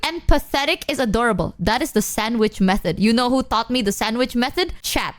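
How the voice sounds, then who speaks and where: A woman with a high, bouncy voice rambles in casual stream chat, flustered and quick to apologize. Her pitch leaps up and down as she talks. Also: expressive. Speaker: streamer heard in a played clip.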